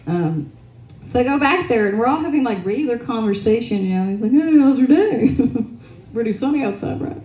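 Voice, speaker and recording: A woman's voice: a little high, expressive, brisk, lo-fi sound. A young woman doing a stand-up comedy set, crude, rambling and self-mocking, with audience laughter behind her. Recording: echoey room with faint noise.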